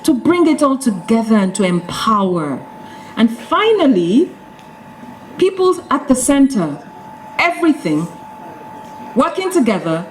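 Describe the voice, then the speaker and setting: A woman's voice: mid-range voice, slight background noise, poor audio. A woman giving an emphatic motivational speech to an audience. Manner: emphatic, rhetorical repetition. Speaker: guest speaker. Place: event hall with live audience.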